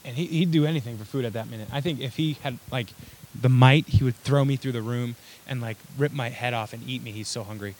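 A man's voice: mid-range voice, fairly quick, darkish tone, a little hiss or hum. A young man preaching a sermon in a casual, conversational way, full of fillers and joking asides. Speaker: pastor.

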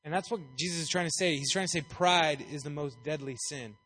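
Bright-voiced casual young preacher man. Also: on the high side, fairly quick. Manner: playful, chatty, acts out voices. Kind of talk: casual sermon.

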